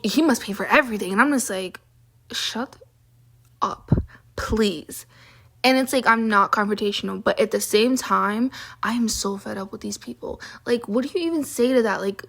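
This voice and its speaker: A woman's voice: a little high, creaky, fairly bright tone. A young woman vlogger telling a casual storytime rant, exasperated and fed up, with constant use of "like".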